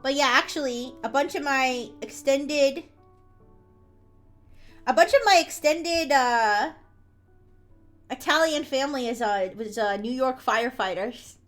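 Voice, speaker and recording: A woman with a high-pitched voice chats casually on a live stream while drawing, rambling, breaking off and restarting sentences, and laughing quickly and easily. Soft music plays faintly beneath her.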